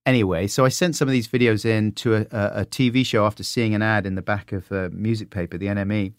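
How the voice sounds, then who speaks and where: A middle-aged man telling stories in an interview, animated and slipping into silly voices. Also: on the low side, fairly quick, dry recording, studio quality. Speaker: podcaster guest. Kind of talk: conversational interview.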